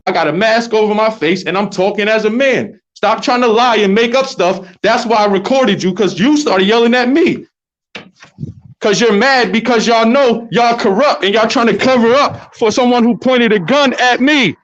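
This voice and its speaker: A man's voice: extremely high pitch, normal speed, dry recording, muffled recording. A man filming on his phone and arguing insistently with court staff, repeating his points. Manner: insistent, argumentative, repeats himself. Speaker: vlogger confronting court staff. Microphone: phone held by the speaker.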